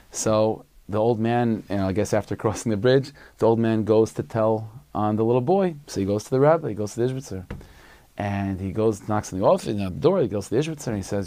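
Rabbi guy telling a story, laid back and chatty, low gravelly voice, dry close mic. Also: brisk, dark tone, dry recording. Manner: casual, conversational, with fillers. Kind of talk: storytelling talk.

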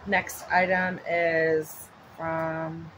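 A woman's voice: deep voice, little pitch movement, extremely slow, background noise. A woman vlogging at home in a casual, chatty way, rambling off into asides. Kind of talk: casual chat. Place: at home with her dog nearby.

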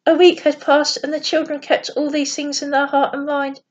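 A woman telling a bedtime story in a plain, gentle reading voice with small slips. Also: sits high, little pitch movement, normal speed. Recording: dull lo-fi recording.

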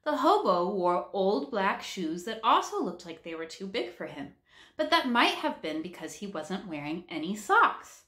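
A woman reading a children's book aloud with animated storytelling. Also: medium pitch, measured pace. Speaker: read-aloud narrator. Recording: roomy echo.

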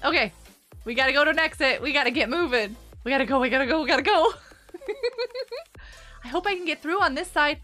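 A woman's voice: high-pitched, lively intonation, fairly quick, pauses often, bright, forceful tone, soft background music. A woman streaming a game live, chatting to viewers by name, giggling and panicking as she plays. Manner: bubbly, giggly, often panicked; talks to chat viewers by name.

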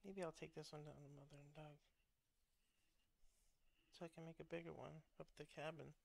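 A man's voice: on the high side, flat delivery, a little fast, vocal fry. A man chatting casually to himself while knitting, muttering and making playful nonsense sounds. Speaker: vlogger.

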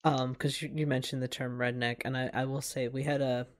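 A podcast co-host telling a story in casual chat, hesitant, with many pauses and filler words. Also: medium pitch, little pitch movement. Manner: hesitant, lots of ums, laughs easily.

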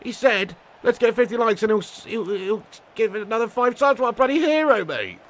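Excitable man streaming a football game. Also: sits high, fairly quick. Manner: excitable and cheeky, swears, calls viewers legend and mate. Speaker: gaming live streamer. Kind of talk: casual live-stream banter while playing.

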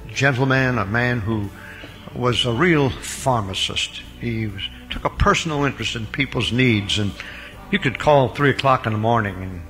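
Older preacher with a gravelly, lively voice. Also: male voice, medium pitch, long reverb tail. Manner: dramatic preaching with wide swings between loud emphasis and quiet asides. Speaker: pastor. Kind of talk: recorded Bible lecture sermon.

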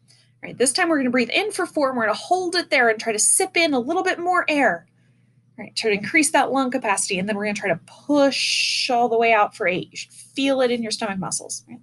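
A woman's voice: sits high, a bit bright. A woman teaching an online music lesson to children. She speaks patiently and demonstrates breaths as she goes. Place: indoors, seated in a chair. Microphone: camera in front of her.

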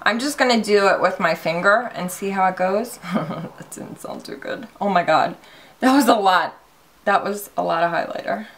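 A woman beauty vlogger giving a casual, excitable makeup review, gushing and swearing lightly. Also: mid-range voice, moderate pace.

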